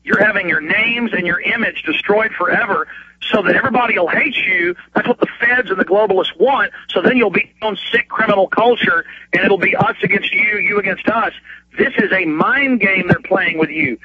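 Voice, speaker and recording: A man hosting talk radio over a phone line, ranting in a fast, repetitive way with stammering restarts and bursts of outrage. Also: high-pitched. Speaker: radio host. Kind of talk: heated talk radio rant.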